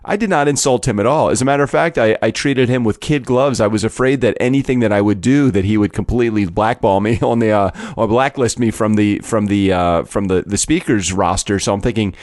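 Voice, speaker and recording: A man's voice: lowish voice, fairly quick, hardly any pauses, darkish tone, no room sound, clean studio sound. A man co-hosting a business podcast in a casual, rambling chat, often interrupting himself and laughing. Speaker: podcast co-host.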